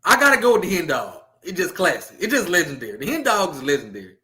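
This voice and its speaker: Young guy on a podcast, high bright voice, goes up and down a lot, laughs and repeats himself. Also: fast talker. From Louisiana. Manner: animated storyteller, laughs often, repeats himself. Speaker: guest. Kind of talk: casual podcast chat.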